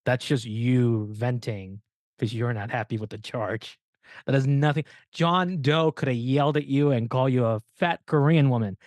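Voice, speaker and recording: Animated storytelling man, dry close mic. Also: mid-range voice, normal speed, no echo. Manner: animated storyteller, acts out quoted dialogue. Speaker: podcast host. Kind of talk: casual podcast chat.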